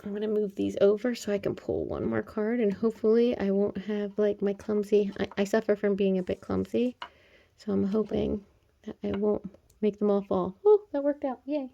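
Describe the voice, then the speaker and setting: A woman's voice: medium pitch, flat delivery, normal speed, gravelly, warm tone, highs cut off. A woman doing a casual oracle card reading to camera. She talks earnestly and encouragingly, straight to the viewer, in a chatty way with laughs and filler words.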